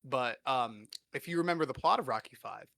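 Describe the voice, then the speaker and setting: A man's voice: mid-range voice, expressive, a little fast, creaky, a bit bright, no echo. A young man hosting a podcast, riffing crude comedy in a rambling, filler-heavy way. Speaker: podcast host.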